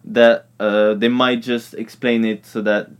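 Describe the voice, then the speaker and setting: A man's voice: lowish voice, flat delivery, unhurried, clean tone. A man hosting a casual podcast, going through entertainment news and joking around, laughing at his own gags. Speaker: podcast host reading news. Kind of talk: casual chat.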